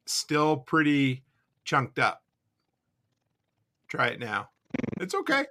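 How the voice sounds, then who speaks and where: A man hosting a live call-in podcast, chatting casually and relaxed, with the odd curse word. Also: fairly high pitch, slow pace, a little hiss or hum. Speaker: podcast host taking live calls.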